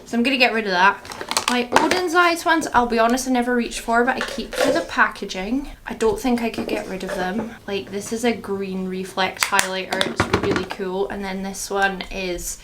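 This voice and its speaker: A woman's voice: medium pitch, normal speed, heavy background noise. A young woman chatting casually through a vlog in her home beauty room, rambling and a little shaky. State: shaky and groggy after a long sleep. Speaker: beauty vlogger.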